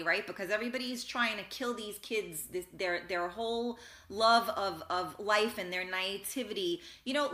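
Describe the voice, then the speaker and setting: Woman host rambling thru a story, bright voice, kinda cussy, echoey room. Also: on the high side. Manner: rambling, chatty, with frequent restarts and mild swearing. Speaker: talk show host. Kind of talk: casual storytelling monologue. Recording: roomy echo.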